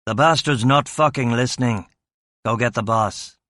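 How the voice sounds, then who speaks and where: A man voicing a rough male thug giving blunt, impatient orders. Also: medium pitch, normal speed, fairly bright tone, no echo, studio quality, natural voice.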